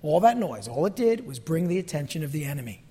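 A man's voice: fairly high pitch, big pitch swings, fast, mellow, husky, long reverb tail. A man preaching a sermon as a pastor, acting out little voices and sometimes dropping to a near whisper.

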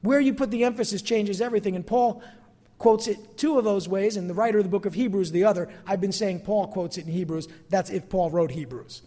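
High-voiced preaching man, echoing hall. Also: fairly quick. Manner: expressive preaching, calls for amens. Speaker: pastor. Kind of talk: sermon.

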